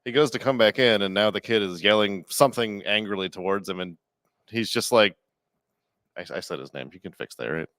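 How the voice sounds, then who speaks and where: Podcast guy telling a bar story, lowish voice, acts out the lines, dead dry room. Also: fairly quick, no echo. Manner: animated, acts out quotes with big jumps in pitch. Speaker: podcast co-host, bar worker. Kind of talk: casual storytelling.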